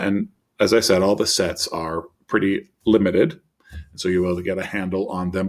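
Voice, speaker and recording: A man with a lowish voice gives a recorded vocabulary lesson. He explains in an upbeat, teacherly way and reads word lists out slowly, one word at a time. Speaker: Spanish teacher.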